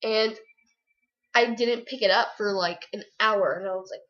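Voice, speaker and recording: A woman's voice: mid-range voice, normal speed, a bit bright, muffled recording. A young woman gushing about a book in a chatty, giggly way. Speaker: book reviewer. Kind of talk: casual book review chat.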